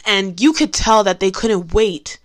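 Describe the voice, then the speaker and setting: A woman's voice: medium pitch, lively intonation, measured pace. A woman leading a casual devotional Bible study, talking candidly and laughing often.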